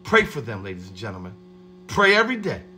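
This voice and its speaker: A man hosting a livestream, giving a streetwise motivational pep talk and shouting out viewers by name. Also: lowish voice, huge pitch swings, fast. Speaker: livestream host.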